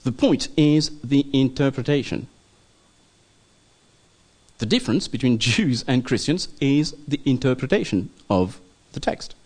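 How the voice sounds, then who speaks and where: A man leads a Bible study class at a middle pitch, talking loosely and off the cuff. He hesitates often, filling gaps with ums and a questioning "okay?" as he explains the text to his listeners. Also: lively intonation, unhurried, darkish tone. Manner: hesitant, many ums and checking okays. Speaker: teacher of a church study group. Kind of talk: informal classroom lecture.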